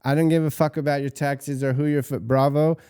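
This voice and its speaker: A man's voice: a little high, level tone, brisk, mellow, clear, resonant tone. A man co-hosting a casual podcast, cursing bluntly as he rants about a reality show. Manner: profane, blunt, laughing rants. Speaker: podcast co-host. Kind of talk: casual reality-TV recap chat.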